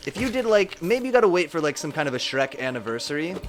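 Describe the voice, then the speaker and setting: A man's voice: fairly high pitch, big pitch swings, fast, slight background noise. A young man from Southern California chatting casually and joking while he streams a game, laughing often. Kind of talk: casual live-stream chat while gaming.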